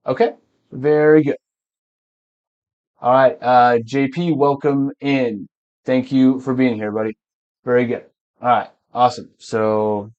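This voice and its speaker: Male english teacher, live lesson, slow and patient, encouraging, clears throat often. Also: mid-range voice.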